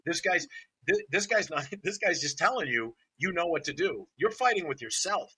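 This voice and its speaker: A man voicing a calm young boyfriend who reasons with his partner. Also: on the high side, normal speed, breathy edge, exaggerated voice. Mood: reasoning.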